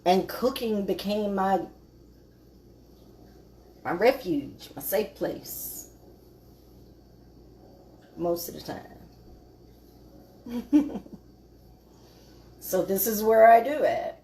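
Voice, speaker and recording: Slow, chatty woman cooking live. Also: medium pitch, expressive, mellow, slight background noise. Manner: chatty, greets viewers by name, trails off with fillers. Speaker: cooking show host. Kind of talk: casual live-stream cooking chat. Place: home kitchen.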